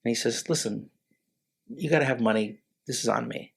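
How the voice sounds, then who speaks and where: A man in his forties, a lawyer, recounts his past in a loose conversational way. His voice is gravelly and somewhat husky, and he stumbles and restarts often, moved by his memories. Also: mid-range voice. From Connecticut, USA. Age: 40s. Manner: halting, many restarts, emotional, choked up. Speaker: lawyer, podcast guest. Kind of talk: casual storytelling interview.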